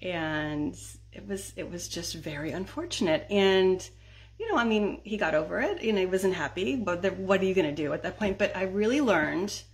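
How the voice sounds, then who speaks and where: A woman's voice: on the low side, lively intonation, moderate pace. A middle-aged woman vlogging in a casual chat, often checking in with her viewers and laughing between lines. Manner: chatty, keeps checking in with "right?" and "okay?". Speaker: decluttering vlogger.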